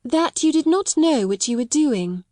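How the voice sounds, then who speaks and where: A woman's voice: on the high side, animated, moderate pace, darkish tone, no echo, clean studio sound, lightly acted. A woman reading aloud and voicing a proud, composed young schoolgirl who speaks grandly and politely. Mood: grandly defiant.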